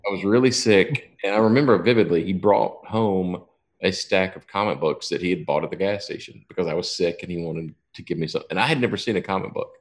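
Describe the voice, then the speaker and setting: A man's voice: low voice, fast. A man in his fifties telling a long personal story in casual chat, rambling and profane, often restarting his sentences.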